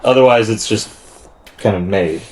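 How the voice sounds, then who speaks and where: A man guesting on a podcast in a car garage, explaining things in a measured way. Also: lowish voice, darkish tone. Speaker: guest, industrial designer. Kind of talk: casual chat.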